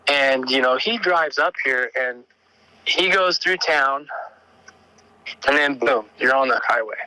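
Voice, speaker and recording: A man's voice: mid-range voice, no echo, low-quality recording. A man calling in to tell a story in casual, rambling speech, restarting his sentences often and growing urgent as the events unfold. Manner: rambling, halting, with frequent restarts and fillers; grows excited and urgent as the story builds. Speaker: caller telling an encounter story.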